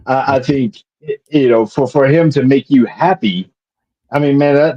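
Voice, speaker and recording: A man's voice: mid-range voice, normal speed, a little mellow, breathy edge, lo-fi sound. A married man co-hosting a podcast, thinking aloud with frequent restarts in casual chat. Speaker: podcast co-host.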